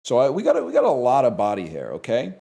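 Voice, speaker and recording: A man's voice: mid-range voice, quick pace, gravelly. A man from Canada chatting live on his stream, ranting and swearing at his chat. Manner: animated, profane ranting to chat.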